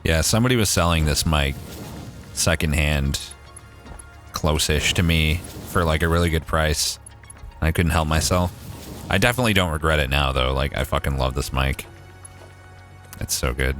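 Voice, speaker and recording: A man's voice: extremely low pitch, moderate pace, pauses often, fairly bright tone, faint music behind. A man chatting casually on a livestream, swearing freely and saying "like" a lot, recorded on a studio condenser mic at home.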